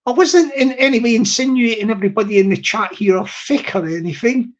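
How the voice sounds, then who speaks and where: A man's voice: very high-pitched, brisk, lo-fi sound. A man chatting to his live stream audience in a rambling, teasing way, repeating himself and restarting.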